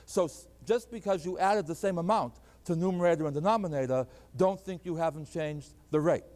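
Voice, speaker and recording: A man's voice: fairly high pitch, fairly quick, darkish tone, in a large hall. An older man teaching a math lecture at the board, asking questions and answering them himself.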